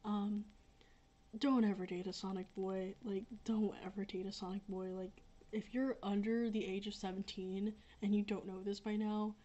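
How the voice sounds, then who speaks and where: A woman's voice: mid-range voice, little pitch movement, moderate pace, mellow, muffled recording. A young woman chatting casually on a livestream, reading out comments and answering questions in a rambling way with lots of fillers and repeats. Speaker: livestreaming creator.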